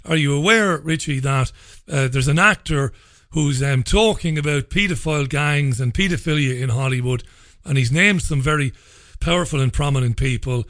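Measured Irish radio host, fairly high voice. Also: male voice, a bit bright, no echo. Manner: measured, deliberate delivery with frequent restarts. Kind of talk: talk radio interview.

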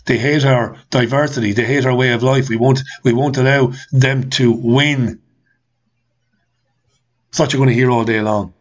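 A man's voice: medium pitch, fairly even intonation, moderate pace, lo-fi sound. A man hosting a talk show, ranting angrily with repeated rhetorical questions and swearing. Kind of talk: ranting monologue reading listener comments.

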